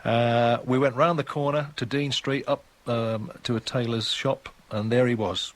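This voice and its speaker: A man's voice: mid-range voice, fairly even intonation, unhurried. A man in his sixties with a Geordie accent, a guest on a radio interview who tells long, rambling, chatty anecdotes. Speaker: guest musician.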